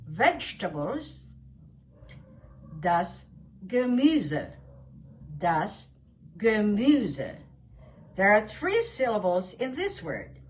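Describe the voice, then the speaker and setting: A woman hosting a radio German lesson, saying each word slowly and carefully and then repeating it. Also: medium pitch, a little hiss or hum. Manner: slow, carefully enunciated teaching with repeated phrases. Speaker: German language segment host. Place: radio studio.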